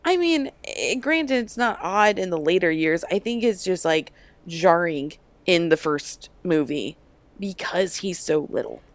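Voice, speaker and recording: Young woman, podcast co-host, casual chat, animated, lots of fillers, dry sound. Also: lowish voice, no room sound. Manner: animated, filler-heavy, quick asides.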